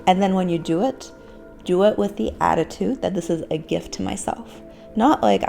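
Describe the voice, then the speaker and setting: A woman teaching self-compassion techniques, slowly counting a guided breathing exercise in a calm, encouraging way. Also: fairly low pitch, vocal fry, faint music behind. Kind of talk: guided self-help lesson.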